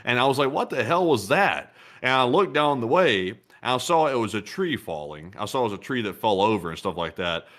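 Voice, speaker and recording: Relaxed, rambling male co-host. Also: mid-range voice, fairly quick, hardly any pauses. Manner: relaxed and rambling, heavy on fillers like "like". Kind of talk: casual live-stream chat.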